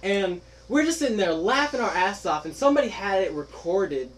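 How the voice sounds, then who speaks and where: A man's voice: high-pitched, moderate pace, slight background noise, low-quality recording. A young man casually telling a story to friends, acting out what others said and laughing along. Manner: animated, laughing, acts out quoted friends. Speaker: podcast host telling a story.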